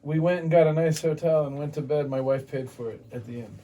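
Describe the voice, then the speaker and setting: A man's voice: fairly high pitch, brisk, far from the mic, slight background noise. A man telling a rambling, profane story in casual chat, acting out what others said. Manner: animated, profane, acts out quotes. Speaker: podcast guest.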